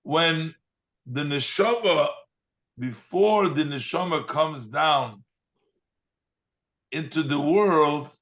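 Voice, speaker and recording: A rabbi teaching a text at an unhurried pace, reading Hebrew phrases and then explaining each one in plain English. His voice sits in a middle pitch, and the recording sounds somewhat dull and lo-fi. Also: a bit bright. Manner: reads Hebrew lines then translates, with fillers. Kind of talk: text study lesson.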